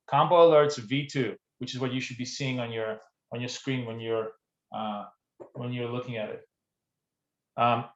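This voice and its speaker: A man hosts a live trading stream from his desk, chatting loosely with plenty of fillers and restarts while greeting viewers from the chat. His voice sits in a roomy space with a slightly dull, muffled tone from a computer mic. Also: medium pitch. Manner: casual, rambling, lots of fillers and restarts. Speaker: trading show host.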